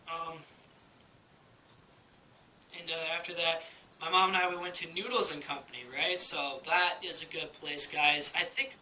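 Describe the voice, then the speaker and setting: A young man with a high, very bright and tense voice tells a casual vlog story, rambling with lots of ums and likes. He laughs often between phrases. A faint hiss sits under the home recording. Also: low-quality recording. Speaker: vlogger. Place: at home, indoors.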